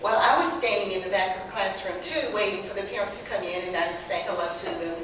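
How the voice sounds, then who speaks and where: An older woman with a Southern accent, telling lively stories on a panel, acting out the dialogue and laughing often. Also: medium pitch, quick pace. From North Carolina. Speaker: panelist, former teacher. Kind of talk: personal storytelling on a panel. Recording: very echoey distant hall recording with background noise.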